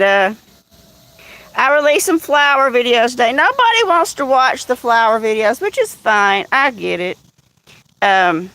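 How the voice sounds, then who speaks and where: A woman with a high voice chats casually on a livestream. She talks outdoors in the evening, holding a phone as she walks, and calls out to cats in an even higher coo. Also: dry recording. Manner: chatty, coos high at cats. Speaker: livestream host.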